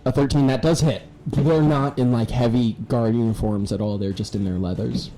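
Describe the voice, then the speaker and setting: A man running a tabletop game as game master, narrating in a casual, animated way. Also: mid-range voice, moderate pace, noisy background. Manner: casual, animated, laughing storyteller.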